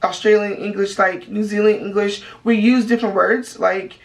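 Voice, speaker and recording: A woman's voice: mid-range voice, normal speed, rough recording. An American woman who teaches English, chatting casually and acting out the voices she quotes. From United States. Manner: lively, acts out quoted voices. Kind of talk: casual chat.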